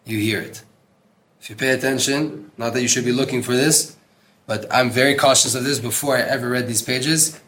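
Speaking fairly quickly with fairly even intonation, this man teaches a Torah class in a mid-range, somewhat bright voice. He reads and translates a text, weaving in Hebrew terms, and earnestly repeats words to stress them.

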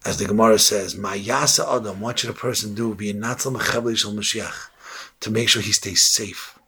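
A man's voice: fairly low pitch, fairly even intonation, fairly quick, sharp tone, breathy edge. A man delivering an inspirational sermon, telling an emotional story and sprinkling in Hebrew and Yiddish terms.

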